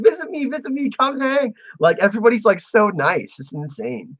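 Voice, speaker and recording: A lively, fairly high-voiced man hosts a casual livestream and keeps up an easy, chatty flow as he answers his viewers. His pitch swings widely and he laughs often. The sound is a little dull and lo-fi. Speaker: livestream host. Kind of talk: casual livestream chat, reading out chat messages.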